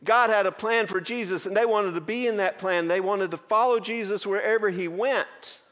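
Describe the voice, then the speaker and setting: Guy preaching a sermon, a bit high voice, long church echo, earnest, lots of pauses. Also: fairly bright tone. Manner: earnest, explaining scripture with many pauses. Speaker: pastor. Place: church sanctuary.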